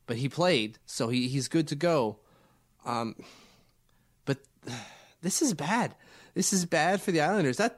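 Man chatting while getting over a cold. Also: medium pitch. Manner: rambling, stammering restarts. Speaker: podcast co-host. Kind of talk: casual sports chat.

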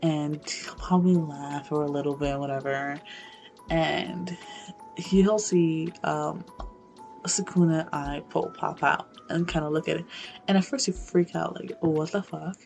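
A woman's voice: deep voice, fairly even intonation, a little slow, vocal fry, a little mellow, faint music behind. A young woman in casual chat, rambling with many fillers and swearing freely.

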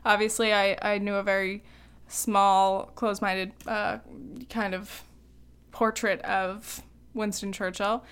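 A woman's voice: mid-range voice, a bit bright, clear, resonant tone. A young adult woman co-hosting a podcast in casual chat, chatty and giggly, with lots of ums and likes. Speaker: podcast co-host.

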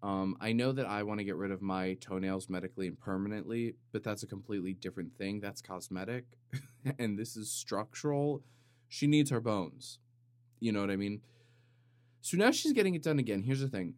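A man hosting a comedic solo podcast, rambling in a deadpan way with sudden loud bursts and some vocal fry. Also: on the low side, dry recording. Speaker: podcast host. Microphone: studio microphone.

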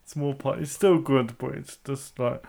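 Gravelly-voiced man in his thirties. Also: mid-range voice, normal speed. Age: 30s. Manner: animated storytelling, acts out quoted people. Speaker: podcast co-host. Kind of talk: casual chat.

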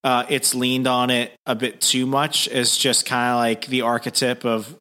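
A man's voice: medium pitch, flat delivery, a little slow, pushed and bright. A man co-hosting a comic book podcast, giving his view in a thoughtful, hesitant way. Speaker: podcast co-host. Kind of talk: casual chat.

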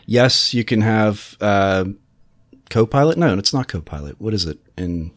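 A man's voice: fairly low pitch, lively intonation, measured pace. Man thinking aloud on a podcast. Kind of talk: casual chat.

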